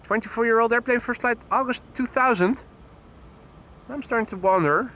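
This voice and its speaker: A man with a very high voice speaks at a normal pace in a pushed, bright tone. He hosts a live plane-spotting stream outdoors beside an airport runway, reading out flight details and adding wry, joking asides.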